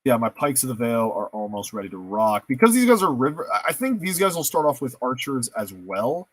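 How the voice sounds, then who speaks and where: A man's voice: mid-range voice, very animated, a little fast, a bit bright, dry recording. Playful man thinking aloud over gameplay. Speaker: gameplay streamer. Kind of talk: casual let's-play commentary.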